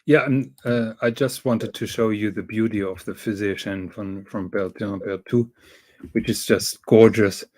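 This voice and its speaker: A man's voice: lowish voice, steady tone, unhurried, a little mellow, dry recording. A man explaining things carefully and patiently on a livestream, with some fillers. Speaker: guest on a watch livestream. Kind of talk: casual livestream chat.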